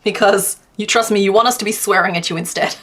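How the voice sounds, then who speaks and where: A woman's voice: medium pitch, fairly even intonation, fast talker, a bit bright. An Australian woman from Western Australia chatting casually to her live-stream chat while crocheting, laughing often.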